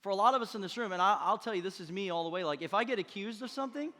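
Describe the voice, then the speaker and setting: A man preaching a sermon as pastor, energetic and conversational, with playful asides to his congregation. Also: sits high, rapid-fire, in a large hall. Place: church auditorium.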